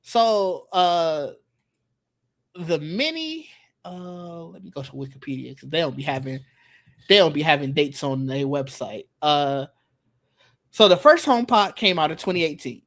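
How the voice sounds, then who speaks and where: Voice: mid-range voice, animated, a little slow, a bit bright. A podcast host talking tech in loose, casual chat, circling through restarts and half-finished thoughts. Now and then the host slips into acting out what a company might say. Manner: rambling, restarts often, acts out imagined remarks.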